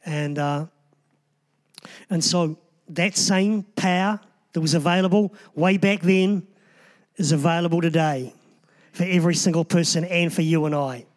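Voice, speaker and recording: A man's voice: fairly high pitch, measured pace, pauses often. A man preaching a sermon in a loose, conversational way, restarting phrases and adding asides to the congregation. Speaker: pastor.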